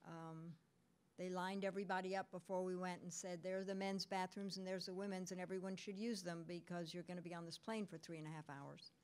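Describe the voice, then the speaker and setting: A woman lawyer in a panel conversation, telling a story in a relaxed way with some restarts. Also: on the low side, brisk, smooth.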